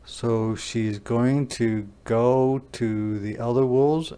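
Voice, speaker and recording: A man teacher reading a picture book aloud to young children, slow and gentle, asking them questions as he goes. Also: mid-range voice, fairly even intonation, clean tone. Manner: slow, gentle, asks the listener questions, voices animal sounds.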